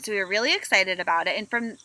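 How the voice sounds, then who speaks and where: A woman co-hosting a podcast from a camper van, telling stories in a lively way and acting out her own complaints. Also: mid-range voice, fast talker, rough recording. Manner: animated storytelling, acts out her own complaints. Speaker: podcast co-host. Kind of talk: casual chat.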